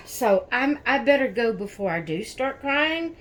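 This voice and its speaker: A woman chatting slowly to her camera, circling back over the same words and calling her viewers guys. She sounds shaken and close to tears as she talks about her dolls. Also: a little high, expressive. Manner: rambling, repeats herself, talks to viewers as guys. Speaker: doll collector vlogger. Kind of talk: casual chat to camera.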